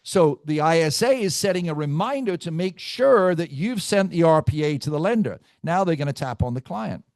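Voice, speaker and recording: Brash high-voiced male sales trainer. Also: animated, moderate pace, hardly any pauses, a little mellow, dry recording, clean studio sound. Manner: brash, teasing, quizzes the audience. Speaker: real estate team trainer. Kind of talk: live team training session.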